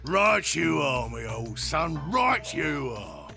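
A man's voice: a little high, big pitch swings, takes it slowly, vocal fry, exaggerated voice. A man voicing a chatty male robot labourer with a broad, slangy Cockney accent. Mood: chummy. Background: game music.

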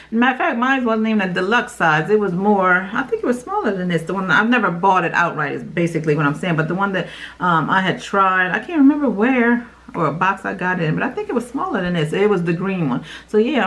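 A woman, a beauty YouTuber, chatting excitedly to her viewers while unboxing products in a casual vlog. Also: mid-range voice. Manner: bubbly and excitable, talks to viewers as "y'all".

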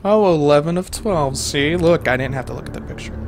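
Young man, gaming host, let's play commentary, rambling and jokey, slightly high voice, faint background noise. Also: brisk. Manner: rambling, jokey, talks to viewers.

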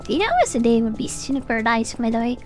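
A woman's voice: fairly high pitch, expressive, fairly quick, darkish tone, soft background music. A young woman streaming a video game, chatting casually and rambling with many fillers. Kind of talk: casual gaming stream chat.

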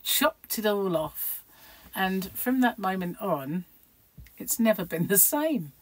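A woman's voice: medium pitch, sing-song, takes it slowly, low-quality recording. A middle-aged woman vlogging at home in a rambling, chatty, self-mocking way. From United Kingdom. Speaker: crochet vlogger. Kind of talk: casual chat to camera.

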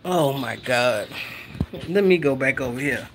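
This woman hosting a cooking livestream has a rumbling low voice and speaks a little slowly, with a bit of hiss or hum in the audio. She keeps things lively and teasing, reading out comments from viewers.

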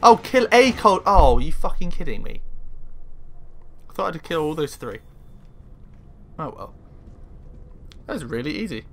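Man, let's-play commentary, sweary, high lively voice, bright tone, music under. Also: measured pace, long pauses. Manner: sweary, excitable, talks to game characters. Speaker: gameplay commentator.

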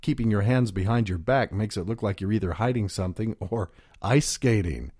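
Male narrator for an instructional audio program, low and mellow, measured, close dry studio read. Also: no echo.

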